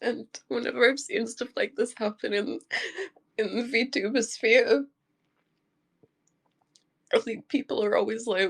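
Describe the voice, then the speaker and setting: A woman crying as she talks to listeners on a live audio space, halting and repeating herself between sobbing laughs. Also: fairly high pitch, fairly even intonation, creaky, husky. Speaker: VTuber.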